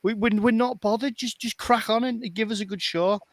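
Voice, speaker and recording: A fairly high-voiced man in a casual podcast chat, emphatic and exasperated, circling back to the same point. The sound is close and dry, with no room around it. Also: fairly even intonation, moderate pace, dry recording. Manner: exasperated, emphatic, repeats himself. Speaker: podcast co-host.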